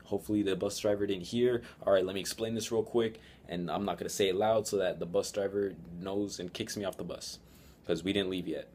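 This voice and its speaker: Teen vlogger guy, very low voice, rambly and swearing, telling a story. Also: fairly even intonation, brisk, a little mellow, a little hiss or hum. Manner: rambling, profane, laughing. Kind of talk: casual storytelling vlog.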